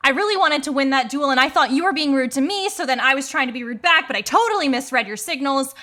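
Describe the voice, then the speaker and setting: A woman playing a tabletop game, earnest and chatty with quick laughs. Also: high voice, animated, pushed and bright. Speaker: player. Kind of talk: casual tabletop play.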